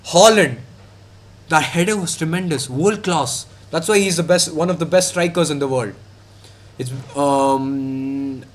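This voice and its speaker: A young man ranting in a heated, mocking, slangy way as he reacts to football. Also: fairly high pitch.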